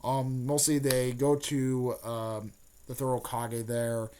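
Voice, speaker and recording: A man's voice: medium pitch, little pitch movement, slow pace, warm tone, slight background noise. A young man, a YouTuber, casually retelling a plot in a rambling way full of fillers and restarts.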